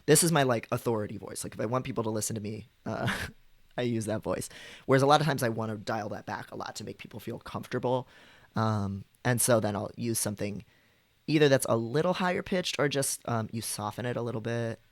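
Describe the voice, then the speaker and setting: A man's voice: medium pitch, a little fast, creaky, dry recording. Chatty man, dry close sound. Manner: chatty and explanatory, demonstrating vocal registers, many fillers. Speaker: streamer. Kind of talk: casual live-stream chat.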